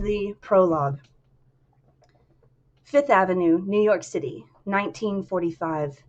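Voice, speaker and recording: A woman streamer reading a novel aloud, talking softly and quietly with casual fillers. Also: medium pitch, measured pace, pauses often, lo-fi sound, a little hiss or hum.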